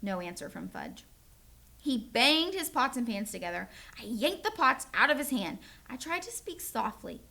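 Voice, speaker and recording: A woman teacher reading a children's chapter book aloud to her students, in a friendly, animated storytelling way. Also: a little high, moderate pace, creaky.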